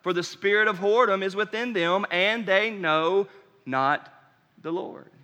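A man's voice: high voice, a little slow, pushed and bright. A man preaching a sermon as pastor, stressing his points by repeating phrases. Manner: preaching with rising intensity, repeating phrases for emphasis. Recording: long hall reverb.

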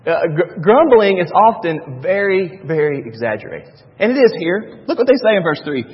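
A man's voice: high-pitched, very animated, brisk, husky. A male pastor giving a conversational sermon, repeating his key phrases for emphasis. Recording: dull sound with long hall reverb.

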